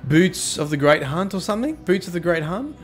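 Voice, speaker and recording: A man's voice: high-pitched, big pitch swings, fairly quick, faint music behind. A man streaming a game and chatting casually with his viewers, cheeky and joking as he thanks them and teases the chat.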